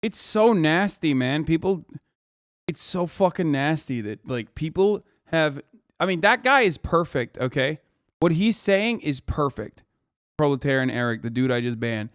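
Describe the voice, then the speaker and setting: A man reacting to a news video on a livestream, ranting angrily and swearing heavily, his voice rising into shouts. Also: a little high, lively intonation, moderate pace, no room sound, clean studio sound. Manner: profane, angry ranting.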